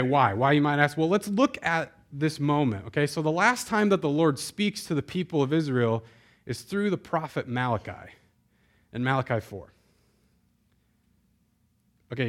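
A man preaching a sermon as pastor, talking conversationally and speaking directly to the congregation. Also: mid-range voice. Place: church before a live congregation.

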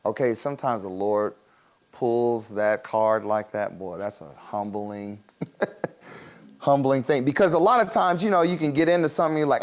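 A man preaching a sermon in a casual, conversational way, laughing often and acting out quick voices as he teaches. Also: medium pitch, lively intonation. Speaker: pastor.

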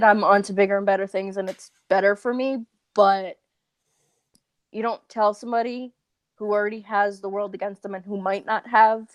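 A woman's voice: medium pitch, no echo. A woman from Long Island, a guest in an interview, talking in an earnest, chatty way. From Long Island, New York. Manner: earnest, talkative, with quick laughs. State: uses a wheelchair. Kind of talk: casual interview talk.

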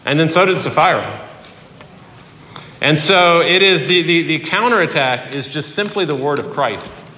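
A man preaching a sermon as pastor in a conversational way, with fillers and pauses. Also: a little high, animated, pushed and bright, a little hiss or hum. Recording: echoey hall.

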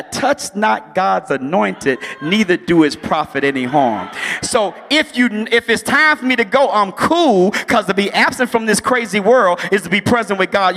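A man pastor preaching a sermon, rising to shouts at climaxes and dropping into casual storytelling asides. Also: high-pitched, in a large hall.

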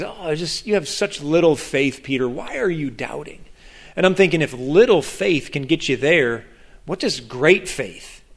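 With a voice pitched a touch high, this man delivers his sermon as pastor, playing out the characters of his story with lively energy. He frequently breaks off a sentence and starts it again before continuing.

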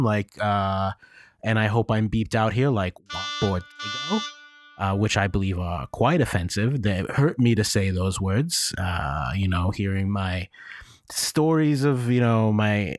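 A man's voice: fairly low pitch, dry recording, studio quality. A man co-hosting an improvised comedy podcast, rambling and restarting his sentences in mock-defensive banter. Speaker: podcast co-host. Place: studio.

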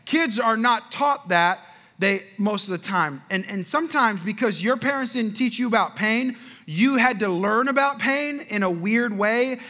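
A man preaching with a high, bright voice. He tells his story with energy and keeps turning to the congregation. His lively delivery swings between loud, fast bursts and soft asides. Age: adult father. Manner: animated storytelling, addresses the crowd. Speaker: pastor. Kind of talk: sermon.

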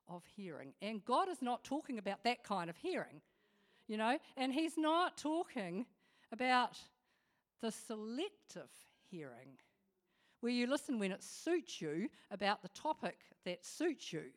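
A woman giving an informal devotional talk, chatty and animated, with humorous asides. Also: mid-range voice. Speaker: devotional speaker.

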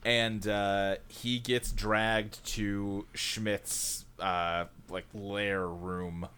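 A man co-hosting a casual chat podcast who recaps a movie in a rambling, animated way, laughing often and slipping into quick mocking voices. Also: fairly low pitch, clear, resonant tone. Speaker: podcast co-host.

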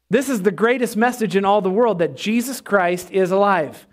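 A man preaching an energetic sermon in a church, asking the congregation for responses as he goes. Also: sits high, moderate pace, hardly any pauses. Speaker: pastor.

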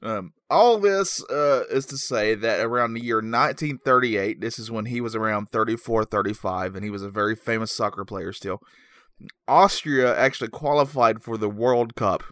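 A man's voice: on the low side, moderate pace, a bit bright, no room sound, clean studio sound. A man co-hosting a podcast in casual chat, telling a story in an easygoing, self-deprecating way with lots of fillers. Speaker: podcast co-host.

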